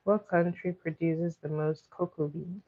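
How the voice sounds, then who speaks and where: Woman, trivia host, coaxing, repeats questions, fairly low voice, dull lo-fi sound. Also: steady tone, measured pace, mellow. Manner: coaxing, reads questions out to chat and repeats them. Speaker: livestream host running trivia. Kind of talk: casual live trivia chat. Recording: dull lo-fi stream audio.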